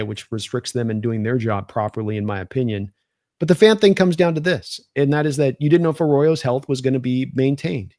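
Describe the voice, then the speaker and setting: A man's voice: mid-range voice, darkish tone, no echo, studio quality. A man co-hosting a casual sports talk stream, opinionated and rambling with restarts. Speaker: podcast co-host.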